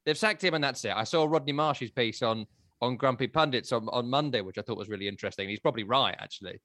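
A man hosting a football chat show, talking in a wry, animated way that swings between loud and quiet. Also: mid-range voice, fast, no echo. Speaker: podcast host. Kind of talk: casual chat.

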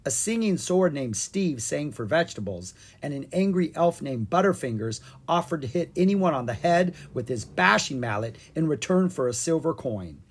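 Husky reader telling a kids' dragon story, pitch bouncing all over. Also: moderate pace, few pauses. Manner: lively, expressive reading. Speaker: audiobook reader. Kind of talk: children's storybook narration.

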